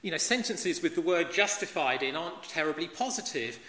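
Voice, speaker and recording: A man's voice: fairly high pitch, lively intonation, brisk, pushed and bright. A man preaching a sermon, emphatic and fond of rhetorical questions. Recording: echoey hall with long reverb.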